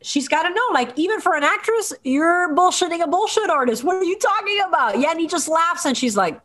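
A woman chatting casually as a podcast guest, enthusiastic and quick in banter. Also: very high voice, animated, a bit bright. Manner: enthusiastic, laughing, fast banter. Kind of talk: casual chat.

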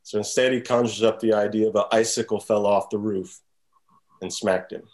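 A man's voice: lowish voice, normal speed. A man in casual chat, animatedly retelling film scenes as a podcast co-host. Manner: animated storyteller who acts out scenes.

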